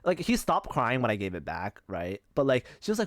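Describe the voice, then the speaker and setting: A man's voice: a little high, huge pitch swings, quick pace, no room sound, clean studio sound. A young man streaming live, chatting casually and telling rambling stories packed with fillers and swearing. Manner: rambling, filler-heavy storytelling with frequent swearing.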